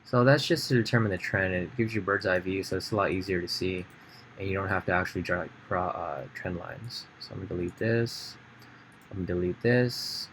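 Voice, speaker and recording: A man with a fairly low voice walks through a trading chart in a relaxed, conversational way, pausing on fillers and restarting his sentences. A faint hiss of noise sits under his voice. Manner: casual, thinks aloud with fillers and restarts. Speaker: trading educator. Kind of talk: screen-share trading tutorial.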